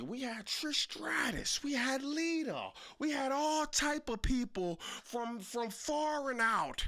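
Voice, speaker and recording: A man with a high, very bright and cutting voice gives live-stream reaction commentary on wrestling. He mocks loudly, repeats phrases for comic effect and breaks into sudden shouts. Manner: loud, mocking, bursts into shouts.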